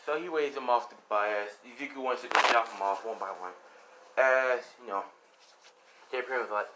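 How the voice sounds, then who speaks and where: A man's voice: mid-range voice, normal speed, very noisy. A man casually retelling a fan story, rambling along with lots of fillers and swearing.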